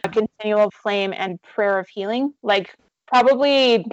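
A woman's voice: mid-range voice, unhurried, no echo, muffled recording. A woman player talking casually about her character, rambling and correcting herself as she goes. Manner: rambling, self-correcting, chatty.

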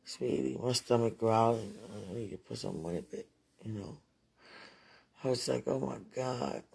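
A woman's voice: extremely low pitch, lively intonation, moderate pace, vocal fry, darkish tone, slightly rough. A woman talking into a phone held close, emotional and repetitive, with a prayerful tone, as if speaking live to a loved one.

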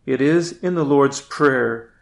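A man's voice: mid-range voice, takes it slowly, gravelly. A male priest giving a reflective prayer meditation, at times speaking directly to Jesus.

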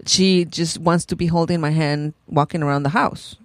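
A young woman, a mother of a toddler, chatting casually and animatedly, acting out her child's cries in high squeals. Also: fairly even intonation, normal speed, dry recording, studio quality. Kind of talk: casual chat.

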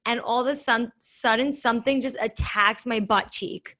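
A woman's voice: a little high, fairly even intonation, normal speed, bright, forceful tone. A young woman co-hosting a podcast, telling a story in a casual, rambling way. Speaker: podcast co-host.

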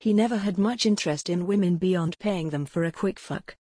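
Woman narrator, husky lower voice, steady audiobook read, dry close sound. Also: fairly quick, no echo. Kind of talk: scripted romance audiobook narration.

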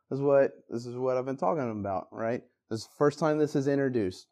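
A man's voice: mid-range voice, brisk, hardly any pauses. A man preaching a casual, conversational Christmas sermon, acting out the people in the story with bursts of energy. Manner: animated, conversational, acts out quotes with bursts of energy. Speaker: pastor.

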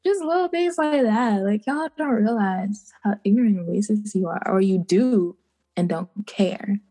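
A young woman from the Bahamas, a podcast guest, chatting casually and telling animated stories with acted-out quotes and frequent laughter. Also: medium pitch, normal speed. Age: young adult. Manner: animated storytelling, acting out quotes, laughing often. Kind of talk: casual interview chat.

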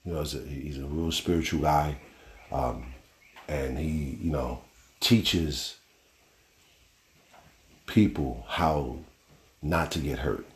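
A man's voice: very deep voice, slow, pauses often, echoey room. A man hosting a casual solo podcast, telling stories in a loose, rambling way with slang and the odd curse. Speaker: podcast host.

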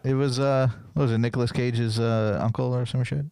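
Smooth-voiced man hosting crude banter. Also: medium pitch, fairly even intonation, fairly quick, darkish tone. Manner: swears freely, laughs a lot. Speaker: podcast host. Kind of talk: crude casual banter and storytelling. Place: small studio with equipment.

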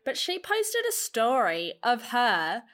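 A woman co-hosting a music podcast, chatting in a bubbly, animated way. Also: a little high, slow pace. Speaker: podcast co-host. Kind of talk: casual chat.

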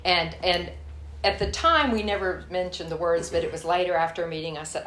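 A woman's voice: low voice, fairly quick, a bit bright. A woman giving a candid, folksy sermon with a personal story, speaking to a church group and calling them y'all. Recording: echoey room, faint hiss.

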